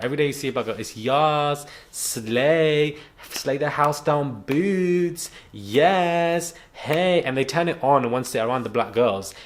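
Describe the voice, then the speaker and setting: A young man ranting to camera at home, frank and indignant, rambling with restarts and a self-described stutter. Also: mid-range voice. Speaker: YouTube commentator. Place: home on a rainy day.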